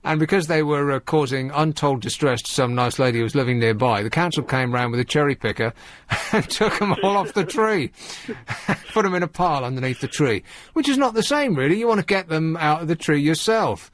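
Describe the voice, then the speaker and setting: A man's voice: a little high, expressive, fairly quick, fairly bright tone. A man hosting a radio phone-in from a London studio, teasing his callers in a sarcastic way. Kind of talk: late-night radio phone-in chat.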